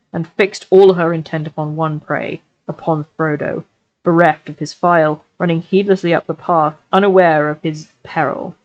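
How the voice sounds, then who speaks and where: A woman reads a novel aloud on a live stream with an expressive delivery. Her voice sits somewhat low, and she slows down and draws out the dramatic passages. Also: rough recording. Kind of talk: live-streamed book reading.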